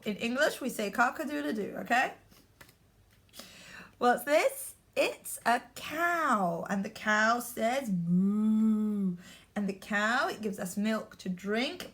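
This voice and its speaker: Slow, encouraging woman teacher. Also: fairly high pitch, animated, a bit bright. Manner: slow, repetitive, encouraging prompts. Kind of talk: remote lesson for young children.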